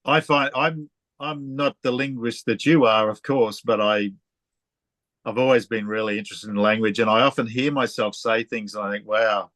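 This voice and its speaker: Aussie guy chatting on a video call, low-ish voice, dead dry sound, tells stories n laughs a lot. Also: fairly even intonation, normal speed, a bit bright, no room sound. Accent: Australian. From Australia. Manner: chatty, storytelling, laughs often. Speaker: interviewer. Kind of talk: casual conversational interview.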